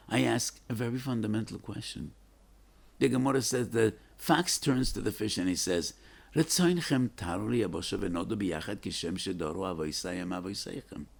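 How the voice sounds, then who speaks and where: A deep-voiced older man gives a Torah talk as a rabbi. His voice is husky and worn, and he tells stories with fervor. He leans into sudden emphatic rises and lets dramatic pauses hang.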